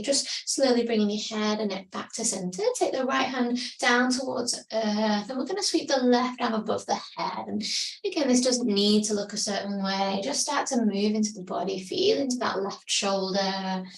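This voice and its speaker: A woman yoga teacher giving slow, soothing guided yoga instructions. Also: on the high side, reverberant, recorded from a distance, low-quality recording. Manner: slow, calm, soothing cues.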